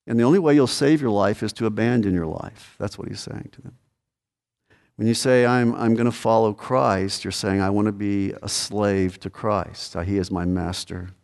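A man's voice: on the low side, normal speed, hardly any pauses, darkish tone. A man preaching a sermon as a pastor, earnest and repetitive, rising to sudden emphatic peaks. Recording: long hall reverb.

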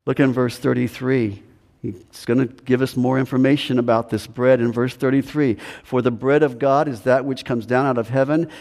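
A man's voice: medium pitch, a little mellow. Emphatic preaching man in a hall. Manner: emphatic preaching, repeats key phrases. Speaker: pastor. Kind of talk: sermon. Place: church sanctuary. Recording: echoey hall with long reverb.

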